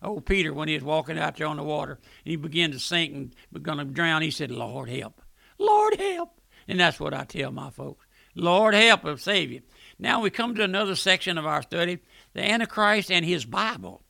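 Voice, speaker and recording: A man's voice: fairly high pitch, brisk, creaky, pushed and bright, dry recording. An older man preaching a folksy, earnest radio sermon from a studio.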